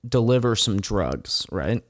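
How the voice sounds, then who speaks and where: A man playing a smooth, coaxing drug recruiter. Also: on the low side, expressive, takes it slowly, dry recording, clean studio sound. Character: smooth-talking young male drug recruiter.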